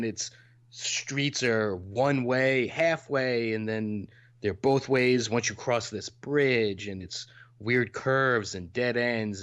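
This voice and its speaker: A man's voice: medium pitch, fairly bright tone, no room sound. A man co-hosting a podcast in casual chat, talkative and explaining in long runs. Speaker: podcast co-host.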